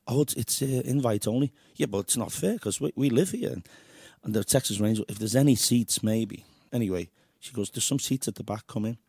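A man's voice: medium pitch, brisk, few pauses, a little mellow, breathy edge, no room sound, studio quality. An English man hosting a casual interview over a video call and telling rambling, chatty stories. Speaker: host and musician.

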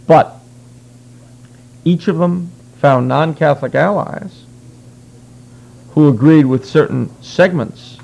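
A man's voice: medium pitch, gravelly, darkish tone, highs cut off. A man giving a conversational history lecture as a guest, explaining earnestly with wry asides. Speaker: guest speaker.

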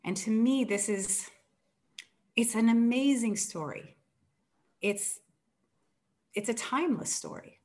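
Woman, author, book talk, lively storytelling. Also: a little high, slow pace, pauses often. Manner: animated storytelling, acts out quoted voices.

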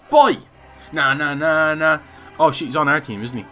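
A young man giving casual, excitable gameplay commentary, swearing and laughing often. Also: a little high, measured pace, pauses often, soft background music. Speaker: gaming YouTuber.

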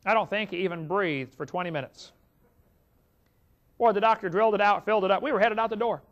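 A man with a high, bright-pitched voice preaches in an animated, folksy way and keeps turning to his audience. The recording sounds dull and lo-fi, as if it came from an old tape. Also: fast talker. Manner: folksy, animated storyteller who speaks to the audience directly. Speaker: evangelist. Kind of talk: storytelling sermon to an audience.

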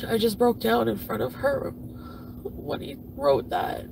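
A high, foul-mouthed jilted streamer rants, swinging between yelling and mumbling, as a woman puts her on for a puppet comedy. She sounds crude and self-pitying, with faint hiss under the voice. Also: lively intonation, a little slow, creaky, full character voice. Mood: deflated. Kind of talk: comedic impression of a livestream rant.

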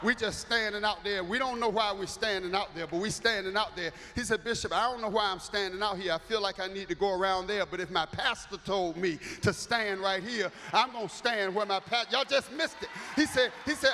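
A man preaching as bishop, telling a story in an animated way and acting out the voices. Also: sits high, normal speed, few pauses. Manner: animated, acts out voices, builds to shouting. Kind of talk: storytelling sermon. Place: large church sanctuary. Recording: echoey church hall, faint ambience.

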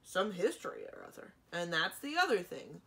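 A woman's voice: lowish voice, very animated, normal speed, gravelly, a bit bright, voice pushed up, exaggerated voice. A woman voicing a sarcastic, bored male dragon who mutters dryly in a storybook reading.

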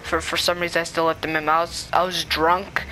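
A woman voicing a calm, lazy, rule-breaking male sorcerer in a homemade comic skit, talking low and hesitantly with many ums. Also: fairly quick, faint music behind, poor audio. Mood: confessing.

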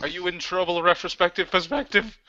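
A man hosting a live web show in an excitable, flustered, joking way, talking over a webcam on a video call. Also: sits high, brisk, highs cut off.

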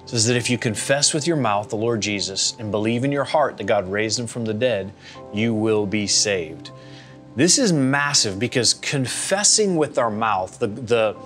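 Casual, animated man teaching the Bible. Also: mid-range voice. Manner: conversational, animated, acts out people's reactions. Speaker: pastor. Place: church gathering.

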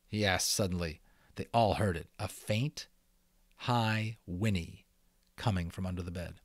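A man giving a dramatic reading of a children's novel, expressive and adding casual asides. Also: deep voice, a little slow, no echo, studio quality. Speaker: audiobook reader.

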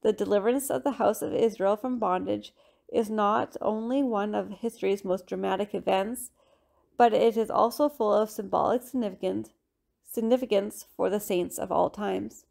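A woman giving a steady, measured scripted reading for a scripture study lesson. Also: medium pitch, gravelly.

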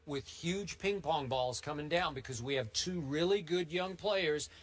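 A man's voice: fairly high pitch, a little slow. A man hosting a sports debate show, asking pointed, teasing questions. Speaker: show host. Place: TV studio.

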